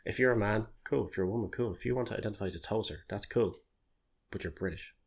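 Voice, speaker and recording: A man's voice: lowish voice, quick pace, gravelly, breathy edge. An Irish man co-hosting a podcast in casual chat, rambling and joking with loose swearing. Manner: rambling, swears freely, jokey. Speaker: podcast co-host.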